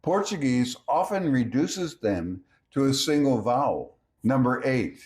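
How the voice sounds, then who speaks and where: Guy teaching vocab slowly, word by word, pitch moving around a lot. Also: very animated, darkish tone. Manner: measured, reads example words one by one. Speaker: language teacher. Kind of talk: slow scripted language lesson.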